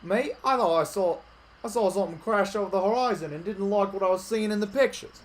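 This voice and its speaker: A man voicing a folksy male alien tree keeper from a game, in a raised, loud homespun drawl. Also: fairly high pitch, brisk, pitched above the performer's own voice, close to an everyday voice.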